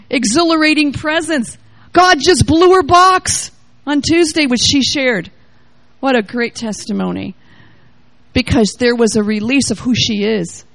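A woman preaches a charismatic sermon in a high, bright-sounding voice. She reads scripture aloud and riffs on it with great exuberance, shouting praise one moment and murmuring the next. The sound is dry, with no room echo. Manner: exuberant, swings between loud exclamations and quiet asides.

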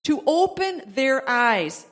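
A woman's voice: high voice, big pitch swings, slow. A woman preaching a sermon, reading scripture aloud with asides, then building to emphatic repeated exhortations. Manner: reads verses aloud, breaks off with asides and laughs.

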